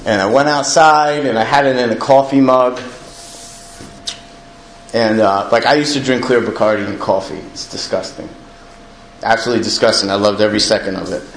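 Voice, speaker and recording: A man's voice: mid-range voice, brisk, a little hiss or hum. A man addresses a recovery meeting, telling his own story in a loose, conversational way. He pokes fun at himself and keeps checking in with the room. His voice sits in a middle register and carries a roomy echo over faint ambience. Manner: candid, conversational, self-mocking, often asks the room "right?". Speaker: speaker sharing at a recovery meeting. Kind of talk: personal recovery story told to a group.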